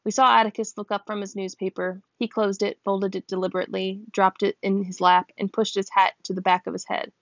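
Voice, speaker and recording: A woman reading a novel aloud, lifting her pitch a little for the characters' lines, at times stopping to check how a word is said. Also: level tone, fairly quick, hardly any pauses, fairly bright tone, dry recording. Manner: voices characters with small pitch lifts; stops to check a word's pronunciation and laughs. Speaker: reader. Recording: dull, dry close recording.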